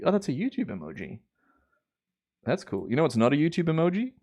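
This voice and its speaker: A man's voice: fairly high pitch, fairly quick, long pauses. A young man hosting a live stream, talking casually and thinking aloud as he reviews footage and answers chat. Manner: relaxed, chatty, thinks aloud. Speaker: livestream host.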